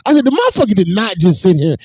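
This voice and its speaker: Animated, high-voiced man telling a story. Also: very fast, dry recording. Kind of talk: casual storytelling chat, profane.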